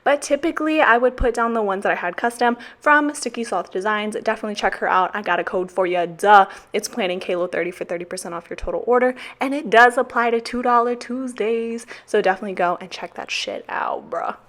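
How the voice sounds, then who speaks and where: A woman's voice: on the high side, brisk, hardly any pauses, a bit bright. A young woman with a Texan accent giving a casual, profane, self-mocking voiceover as a planner vlogger, a little out of breath.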